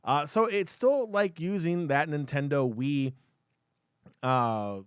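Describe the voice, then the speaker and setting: A man co-hosting a gaming podcast, talking in an excitable, rambling way with many fillers and restarts. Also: a little high, takes it slowly, clean tone, dry recording, studio quality. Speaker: podcast co-host. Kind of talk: casual chat.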